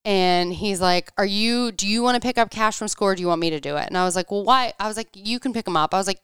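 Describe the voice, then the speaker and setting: A woman's voice: medium pitch, quick pace, a bit bright, clear, resonant tone, no echo, studio quality. A woman in her thirties in casual chat, telling a story animatedly, acting out quotes and saying "like" a lot.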